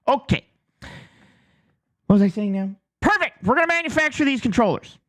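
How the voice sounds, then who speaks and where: A man's voice: high voice, fairly bright tone. A man from the United States hosting his channel, casually explaining something with on-screen drawings, joking and checking in with "okay?" as he goes. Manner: joking, chatty, lots of restarts and "okay?" check-ins. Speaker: channel host.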